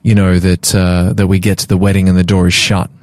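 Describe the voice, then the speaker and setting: Male radio host, low-ish voice, earnest, restarts a lot; dry studio sound, faint music bed. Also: little pitch movement, brisk, a little mellow, no echo. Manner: earnest, with frequent fillers and restarts. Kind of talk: live Christian radio talk show.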